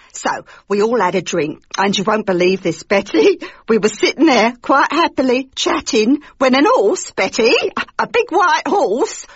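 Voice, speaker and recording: A woman's voice: sits high, a bit bright, no room sound, muffled recording, full character voice. A woman playing a snobbish, pompous English gossip with an English accent, in a comic radio monologue. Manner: prattling, pompous, catty.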